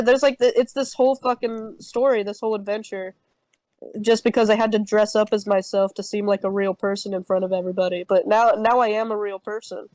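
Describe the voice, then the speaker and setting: A woman's voice: mid-range voice, a little mellow, no echo, rough recording. A young woman telling an improvised comic campfire story on a podcast, rambling with heavy swearing and many fillers. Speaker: podcast co-host.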